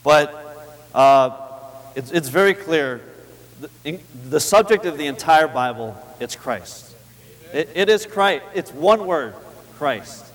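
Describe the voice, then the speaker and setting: A man giving a sermon in a conversational way, repeating key phrases for emphasis and reading scripture slowly. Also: a little high, lively intonation. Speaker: preacher. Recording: long hall reverb.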